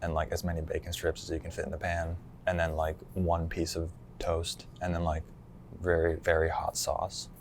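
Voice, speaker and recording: A laid-back man from the United States chatting as a guest, his voice low and gravelly with a touch of fry. He talks loosely, swears offhandedly and laughs easily, with a faint hiss of room noise behind him. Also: monotone, normal speed. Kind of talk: casual chat.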